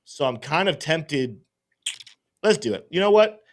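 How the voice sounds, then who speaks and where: A man's voice: fairly high pitch, expressive, measured pace. A man hosting a casual livestream, thinking aloud and rambling as he works through things. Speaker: host and trader.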